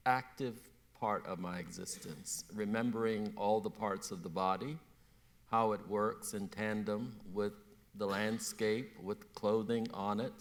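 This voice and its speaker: A man, a painter, speaking on a festival panel in a reflective, measured way. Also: fairly low pitch. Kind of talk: panel conversation. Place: festival stage.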